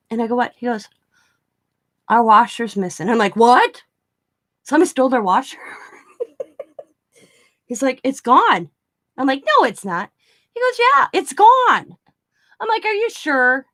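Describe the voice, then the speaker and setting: A woman's voice: fairly high pitch, expressive, normal speed, long pauses, fairly bright tone. A middle-aged woman chatting casually to her viewers, rambling and laughing often as she tells stories. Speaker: craft vlogger. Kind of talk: casual storytelling chat.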